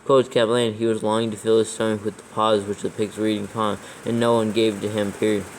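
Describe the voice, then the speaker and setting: Guy reading bible verses out loud for proofing, says every comma and capital, low flat voice. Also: quick pace, a little hiss or hum, poor audio. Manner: reads steadily, calling out each comma and quote mark. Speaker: scripture proofreader. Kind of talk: dictating scripture text with spoken punctuation.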